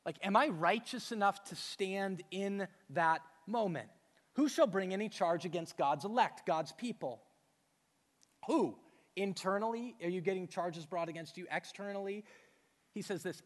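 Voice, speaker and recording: High-voiced man preaching in a reverberant hall. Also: normal speed. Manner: emphatic preaching with rhetorical questions and repetition. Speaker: pastor. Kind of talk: sermon. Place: church hall with a stage.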